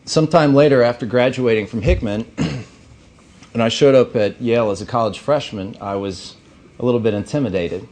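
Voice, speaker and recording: At an awards banquet in a banquet hall, a Missouri man in his thirties delivers the keynote, his medium-pitched, slightly mellow voice moving at a normal pace. His ceremony speech is earnest and full of anecdotes, with touches of light humor.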